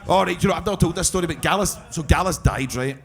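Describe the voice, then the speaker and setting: A man's voice: on the high side, quick pace, creaky. A Scottish man from Glasgow tells stories at a live podcast show. He swears freely, laughs through his own stories and keeps stumbling into fresh starts. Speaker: guest storyteller.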